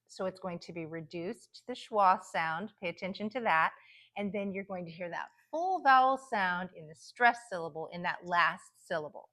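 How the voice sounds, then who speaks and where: A pronunciation coach with an American accent and a slightly low voice for a woman. She talks her lesson through steadily and slows right down to say each example word with careful, clear syllables. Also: fairly bright tone. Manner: slow, drawn-out example words, clearly articulated.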